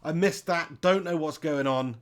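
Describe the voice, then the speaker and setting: Man, live football watch-along host, casual chat, reads viewer comments, says mate, higher-pitched. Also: moderate pace, a bit bright.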